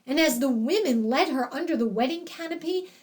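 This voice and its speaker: A woman narrating a children's storybook in an expressive, animated reading. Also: high voice, fairly quick.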